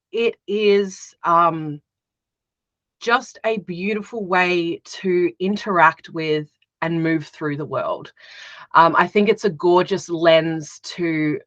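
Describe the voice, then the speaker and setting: A woman guest chatting casually in an interview, warm-hearted and talkative, laughing often and filling pauses with "um" and "like". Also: on the low side, no echo, muffled recording. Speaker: guest, witch and tarot reader.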